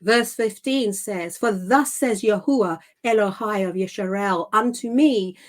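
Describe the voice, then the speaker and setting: A woman's voice: medium pitch, a little slow. A woman host reading scripture aloud and explaining it, stressing key words and repeating phrases for emphasis. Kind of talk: emphatic scripture teaching on a live show.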